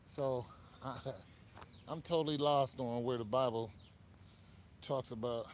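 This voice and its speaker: A man hosting a live-stream show, talking casually and with animation, full of asides and quick laughs. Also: mid-range voice, fairly even intonation, slight background noise. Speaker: online show host.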